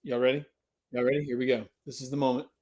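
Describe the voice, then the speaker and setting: A man's voice: medium pitch, level tone, fast, warm tone. A man hosting a live stream giveaway, chatting to viewers and drawing out the suspense. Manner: hypes and drags out suspense, talks to chat.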